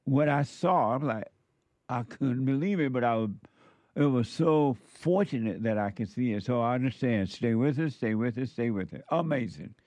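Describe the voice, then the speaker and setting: A man's voice: mid-range voice, animated, moderate pace, darkish tone, no room sound. A man hosting a casual live show, answering viewer messages with repetitive, preacher-like spiritual advice. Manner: repetitive, exclaims "amazing", preacher-like urging. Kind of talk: casual live-stream chat with religious advice.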